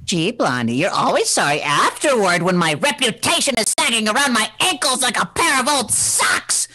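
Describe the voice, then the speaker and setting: A woman's voice: on the high side, exaggerated voice. A woman reading the part of a flustered, touchy young husband in an amateur 1940s radio play reading. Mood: huffy. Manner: huffy, excitable, quick to bluster.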